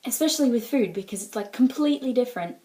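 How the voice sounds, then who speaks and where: A woman's voice: a little high, animated, fast, mellow. A woman with an Australian accent talking casually to the camera in a personal vlog, rambling along with lots of "like" and "um". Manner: chatty, rambling, full of "like" and "um". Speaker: exchange student vlogger.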